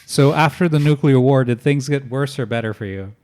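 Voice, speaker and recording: Casting: man in mid pitch running an improv tabletop game, hesitant, filler-heavy. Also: darkish tone. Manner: halting, full of fillers and restarts. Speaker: game master.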